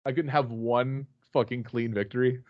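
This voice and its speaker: A man's voice: mid-range voice, steady tone, normal speed, no room sound, highs cut off. A man guest on a remote call, telling a rambling, swear-filled story with many fillers and restarts. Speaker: podcast guest, wrestler. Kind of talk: casual storytelling chat.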